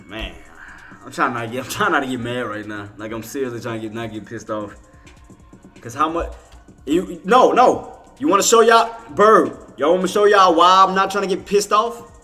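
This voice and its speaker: Man, higher voice, bright and forceful, exasperated live trading commentary, faint music behind. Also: lively intonation, normal speed. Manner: exasperated, swears, talks straight to chat. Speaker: day trader streaming to viewers.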